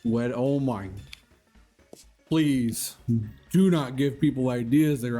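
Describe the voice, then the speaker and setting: A man streams a game and chats with his viewers in a loose, easygoing way. His voice is mellow, and he laughs often. Faint music plays underneath. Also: mid-range voice, takes it slowly, long pauses. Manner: chatty, laughs often, talks to chat by name. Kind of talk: casual live-stream chat while playing.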